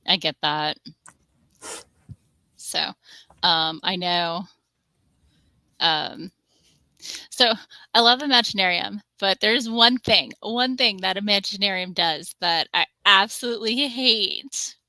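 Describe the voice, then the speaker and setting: A woman's voice: mid-range voice, slow, pauses often, pushed and bright, no echo. A woman hosting a casual livestream, talking in a chatty, rambling way and cooing at her cat now and then. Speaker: livestream host.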